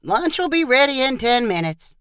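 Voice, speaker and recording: Brisk older grandma, no-nonsense, a bit higher than the narration, played by a woman reading, storybook reading. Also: very animated, a bit bright, smooth, dry recording, clean studio sound. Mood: stern. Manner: brisk, stern.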